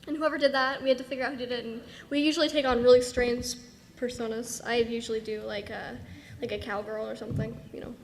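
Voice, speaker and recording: High-voiced young woman, bubbly panel host, rambling, long hall reverb. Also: flat delivery, fast talker, slight background noise. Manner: bubbly, rambling, laughs often. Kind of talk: live convention panel talk. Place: large convention hall.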